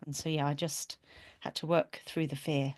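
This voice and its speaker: A woman's voice: low-pitched, flat delivery, normal speed, a little mellow. Earnest, reflective woman guest. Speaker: podcast guest. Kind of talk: casual interview chat.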